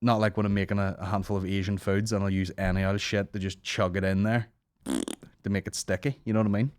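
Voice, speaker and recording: A man's voice: on the low side, flat delivery, fast, smooth, dry recording. A man in his thirties hosting a comedy podcast, rambling and sarcastic with constant swearing, into a studio microphone. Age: 30s. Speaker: podcast host. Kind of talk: casual comedy podcast rant.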